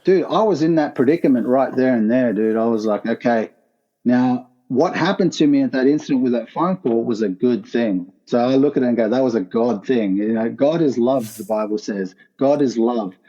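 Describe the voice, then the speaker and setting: Earnest man, dark muffled voice. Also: medium pitch, normal speed. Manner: earnest, intense, casual slang. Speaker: podcast guest, former pro skateboarder. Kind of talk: emotional personal storytelling. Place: his art gallery, remote call.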